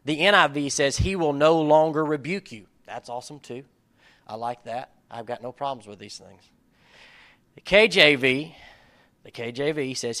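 Gravelly-voiced man preaching earnestly. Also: mid-range voice, normal speed, fairly bright tone. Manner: conversational, earnest, building to emphatic peaks. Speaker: pastor or Bible study leader. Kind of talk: informal sermon.

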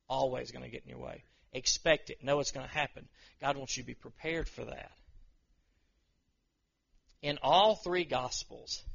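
A man's voice: a little high, vocal fry, bright, forceful tone, lo-fi sound. A man preaching a sermon in a conversational way, acting out people's inner voices as he goes. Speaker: pastor.

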